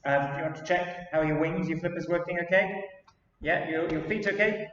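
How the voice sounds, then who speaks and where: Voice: mid-range voice, brisk, fairly bright tone. A teacher chatting with a colleague and encouraging children at home to join in, in a large room. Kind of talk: chatting and leading a children's dance song. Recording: echoey room from far off, dull.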